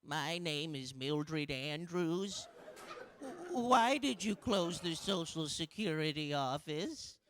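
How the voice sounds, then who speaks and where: Comic putting on a slow, polite old lady, a bit bright. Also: on the high side, lively intonation, slight background noise. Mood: pleading. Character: sweet little old lady at a town hall.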